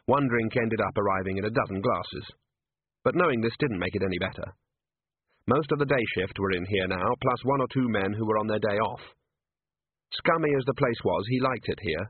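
Husky male narrator, tinny sound. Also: on the low side, dry recording. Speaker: audiobook reader. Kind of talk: scripted narration. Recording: dry, tinny phone-like sound.

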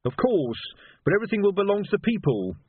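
A man's voice: high voice, big pitch swings, quick pace, breathy edge, no echo, voice pushed up, full character voice. A man playing an earnest, fussy male revolutionary organizer who lectures in a flustered way. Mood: earnest, lecturing. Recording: narrow phone-like sound.

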